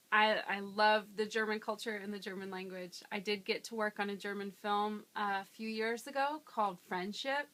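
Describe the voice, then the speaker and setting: A woman in her twenties, an actress, chatting casually in an interview, laughing often and filling pauses with ums. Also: medium pitch, pushed and bright. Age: 20s.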